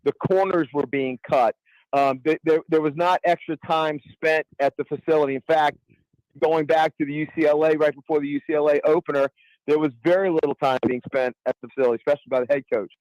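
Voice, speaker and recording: A man's voice: a little high, fairly even intonation, fast talker, darkish tone, no room sound, lo-fi sound. A man co-hosting sports radio in casual talk, often stumbling over restarts and cracking fan jokes. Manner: stammering restarts, joking fan banter.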